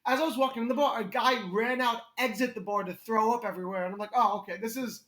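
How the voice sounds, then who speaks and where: A man's voice: extremely high pitch, steady tone, fast talker, fairly bright tone. A young man with a New York accent, a guest comedian in a casual podcast chat, telling stories animatedly and laughing often. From Connecticut. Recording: roomy echo.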